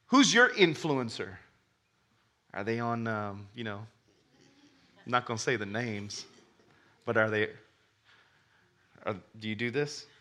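A pastor with a bright, animated, mid-range voice delivers a sermon as lively storytelling, acting out characters and laughing with the crowd. He stammers when starting sentences.

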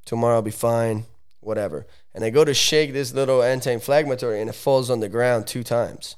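A man's voice: mid-range voice, brisk, clear, resonant tone. A young Italian-born man, a podcast guest, telling a long story in a loose, slangy way with many fillers and restarts. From Italy. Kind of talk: casual storytelling.

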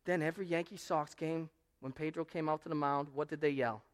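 High-voiced animated pastor preaching. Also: male voice, fairly quick, hardly any pauses, clear, resonant tone. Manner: animated, swings between loud proclamation and quiet asides. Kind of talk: sermon.

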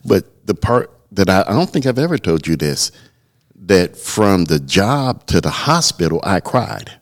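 Man, very deep voice, middle-aged, earnest storyteller, podcast co-host. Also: very animated, measured pace. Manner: earnest, storytelling, repeats words when starting. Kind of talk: casual podcast conversation.

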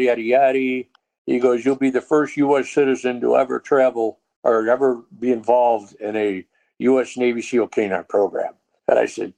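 Texan man telling a lively story. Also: medium pitch, vocal fry, low-quality recording. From Texas. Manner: animated storyteller, acts out quoted dialogue. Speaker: guest, dog trainer. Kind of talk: storytelling in casual chat.

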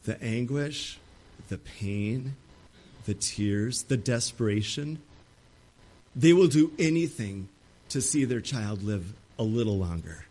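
A man's voice: mid-range voice, expressive, slow, dark tone. A middle-aged male pastor preaching a sermon, dramatic and acting out the pleas of Bible figures.

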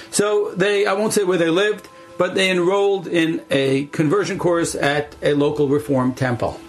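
A man with a gravelly voice tells a story, sitting a touch higher than most men. He is a rabbi, and he talks in an animated way, slipping in Yiddish words and acting out each exchange. Faint music plays under him. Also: moderate pace, hardly any pauses, poor audio. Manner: animated, acts out the dialogue, uses Yiddish words. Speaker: rabbi at a camp. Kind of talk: storytelling talk.

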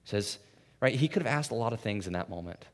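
A man preaching a sermon in a conversational way, often adding "right?" and swinging from hushed, soft passages to loud, intense ones. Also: lowish voice, expressive, a little fast. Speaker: pastor. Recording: long reverb of a large hall.

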